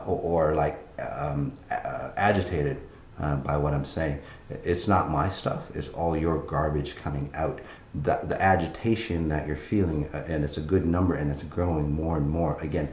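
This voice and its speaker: A man's voice: deep voice, a little mellow, roomy sound, slight background noise. A man giving a spiritual meditation talk, blunt and profane, with many fillers and restarts between breathing cues. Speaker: spiritual teacher.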